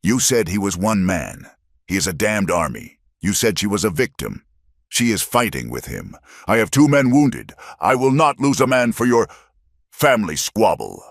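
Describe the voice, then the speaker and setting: A stern, hard-edged frontier marshal, as a narrator plays him, delivering clipped orders in a low voice with lively swings in pitch. The sound is dry and close, with no room around it. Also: male voice, moderate pace, gravelly, dry recording, heavily acted.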